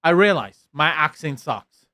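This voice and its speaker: A South African man streaming and reading his chat aloud. His voice sits a touch high, and his accent leans American. He rambles in a loose, self-mocking way, full of ums and restarts. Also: lively intonation, unhurried, sharp tone, no room sound, studio quality. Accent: South African with an American-leaning lilt. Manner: rambling, self-deprecating, many fillers and restarts. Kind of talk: casual live-stream chat.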